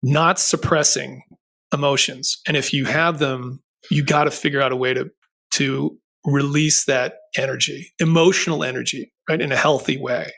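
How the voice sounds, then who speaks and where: A man's voice: mid-range voice, fairly even intonation, normal speed, vocal fry, fairly bright tone. A middle-aged man hosting a podcast interview, telling a personal story in an earnest, rambling way with many restarts. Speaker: podcast host.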